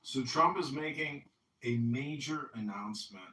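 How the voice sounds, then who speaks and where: A man's voice: mid-range voice, unhurried, reverberant, recorded from a distance, a little hiss or hum, low-quality recording. A man hosting a casual chat on an audio app, upbeat and full of slogans. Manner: upbeat, greets loudly, speaks in slogans. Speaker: podcast host and political candidate.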